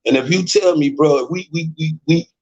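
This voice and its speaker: A man's voice: fairly high pitch, normal speed, darkish tone. A man with a Memphis accent talking in a rambling, laid-back way during a casual debate. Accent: Memphis, Southern US. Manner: rambling, laid-back, fillers like you know what I'm saying. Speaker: co-host, debate guest. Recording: muffled lo-fi audio.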